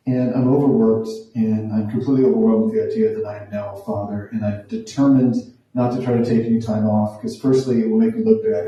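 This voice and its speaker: A man in his forties tells a stand-up story in a wry, self-deprecating, conversational way. His voice is deep-toned and mellow. The mic sits some way off, in a very echoey room. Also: recorded from a distance. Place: small theatre room.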